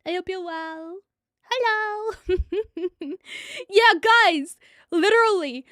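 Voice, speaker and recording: A woman's voice: very high voice, very slow, a bit bright, dry recording, studio quality. A young woman streamer chatting casually with her viewers, blunt and profane, laughing often. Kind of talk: casual livestream chat.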